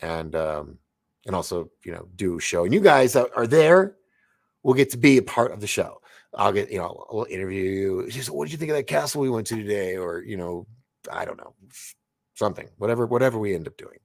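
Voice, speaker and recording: Low gravelly rambling man in his forties. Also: moderate pace, dry recording, clean studio sound. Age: 40s. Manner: rambling, excitable, stammering restarts. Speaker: livestream host. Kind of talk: late-night live chat reading viewer comments.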